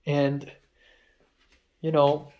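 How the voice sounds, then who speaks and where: A man's voice: on the high side, monotone, very slow, muffled recording. A young man telling a personal story in a rambling diary-style vlog, full of ums and quoted back-and-forth, sounding tired. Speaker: vlogger.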